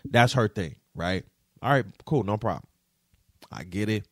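Man, casual storytelling, animated and profane, dry close sound. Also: lowish voice, unhurried, dry recording. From Detroit. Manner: animated, profane, keeps checking in with the audience.

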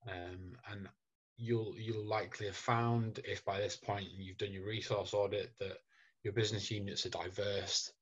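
A man presenting on a webinar as a data scientist, explaining things in a measured way, heard over a dull, lo-fi video call line. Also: on the low side, flat delivery, breathy edge.

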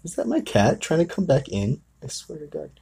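A man's voice: on the high side, sing-song, normal speed, gravelly, warm tone, breathy edge. A man hosting his own talk, telling a made-up story in a rambling, conversational way full of asides. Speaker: host. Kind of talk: casual storytelling monologue.

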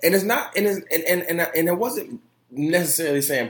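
A man's voice: on the high side, expressive, brisk. A young man hosting his own opinion podcast, talking emphatically with lots of profanity, repeated phrases and fillers. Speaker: podcast host. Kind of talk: solo opinion podcast rant.

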